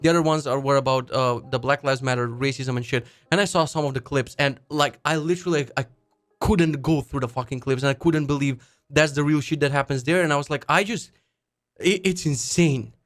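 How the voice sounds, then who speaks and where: A man's voice: medium pitch, fairly bright tone. A man hosting a web development podcast, ranting casually and swearing a lot, often restarting his sentences. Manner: swears a lot, restarts sentences, mocks people in quick put-on asides. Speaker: podcast host. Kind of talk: casual profane rant.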